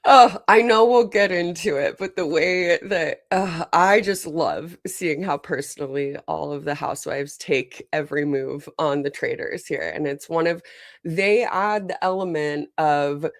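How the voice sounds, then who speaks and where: Female podcast guest, chatty and giggly; deep voice for a woman, dry close sound. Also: measured pace, no echo. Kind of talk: casual podcast chat.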